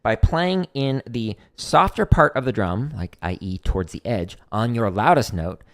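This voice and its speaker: A man's voice: medium pitch, lively intonation, moderate pace, a bit bright. A man hosting a casual livestream drum lesson, explaining technique as he demonstrates, with frequent "like" fillers.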